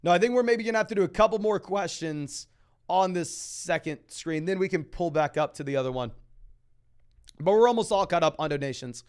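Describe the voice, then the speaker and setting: A young man hosting a fantasy football live stream, reading viewer questions aloud and answering them in quick, energetic sports talk. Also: sits high, clean tone.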